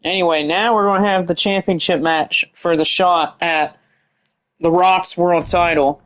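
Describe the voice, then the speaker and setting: High-voiced man calling wrestling play-by-play. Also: fairly even intonation, unhurried, fairly bright tone, poor audio. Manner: rambling, chatty asides and laughs. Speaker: game commentator. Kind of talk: excited play-by-play commentary over a wrestling game.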